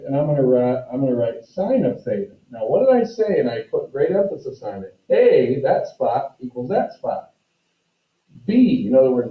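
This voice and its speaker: A male math teacher giving a classroom lecture, explaining step by step and talking directly to his students. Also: mid-range voice. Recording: roomy, distant, dull classroom audio.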